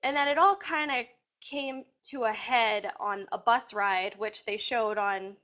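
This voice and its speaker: A woman answering interview questions casually, chatty and animated, with acted-out quotes. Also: fairly high pitch, a little slow. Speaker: reality TV contestant being interviewed. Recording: dull lo-fi sound.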